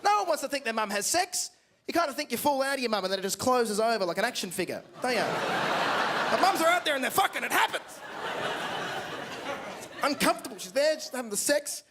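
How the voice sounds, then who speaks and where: A young Australian comedian tells a stand-up story on a big theatre stage, acting out voices and swearing freely. His voice sits high for a man. Loud noise runs under the recording. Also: very animated, quick pace, long pauses. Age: 20s. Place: large theatre stage with an audience.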